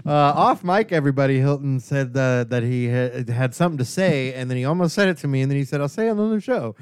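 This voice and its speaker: A man's voice: medium pitch, fast, clear, resonant tone, no echo, clean studio sound. A man co-hosting a podcast, teasing and joking with his partner in a playful way. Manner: playful, teasing, lively delivery. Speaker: podcast co-host. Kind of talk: casual chat.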